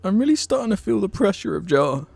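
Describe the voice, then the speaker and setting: A man's voice: high-pitched, big pitch swings, fast, gravelly, darkish tone, no echo, faint music behind. Mock-dramatic man co-hosting a podcast. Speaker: podcast co-host. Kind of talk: comedy podcast banter.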